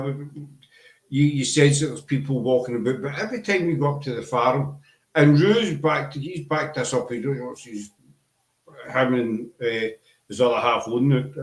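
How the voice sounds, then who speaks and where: Rambling Scottish man hosting a chat. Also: mid-range voice. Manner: rambling, self-deprecating, restarts often. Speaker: podcast host. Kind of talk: casual chat. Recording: echoey room.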